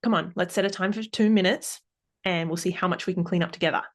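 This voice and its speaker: A woman playing a calm, coaxing parent. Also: lowish voice, fast. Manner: gentle, coaxing and encouraging. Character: calm patient parent talking to a child.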